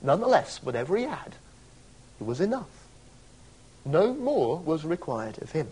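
Male preacher, fairly high voice, animated delivery, rhetorical and emphatic. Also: normal speed, breathy edge. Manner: emphatic, rhetorical questions, stretches key words. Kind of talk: sermon.

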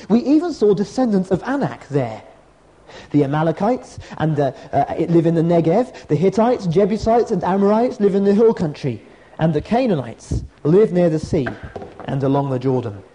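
A man preaching a sermon as a pastor, telling a personal story with measured, dramatic pauses and slowed emphasis. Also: sits high, warm tone.

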